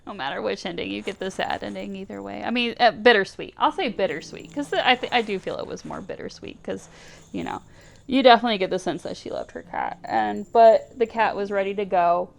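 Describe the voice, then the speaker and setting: A woman's voice: medium pitch, brisk, creaky. A woman hosting a gaming channel, giving emotional, chatty commentary on a game playthrough. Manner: emotional, chatty, laughs and sighs.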